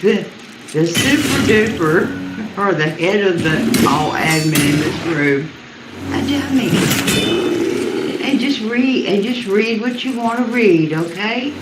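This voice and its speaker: A woman moderating a voice chat room, scolding in halting speech and repeating words. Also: mid-range voice, lively intonation, echoey room, heavy background noise.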